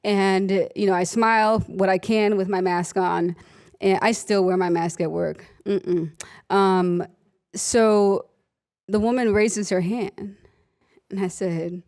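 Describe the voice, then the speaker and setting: A young adult woman, an ER nurse and author, tells stories from her work in a conversational talk, animatedly acting out the people and voicing her patients. She laughs often and speaks slowly in a mid-range voice.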